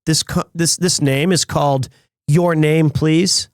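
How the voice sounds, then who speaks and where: A man's voice: on the high side, steady tone, slow, no echo, clean studio sound. A man telling a rambling story in a casual live-stream chat. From United States. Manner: rambling storyteller with frequent restarts.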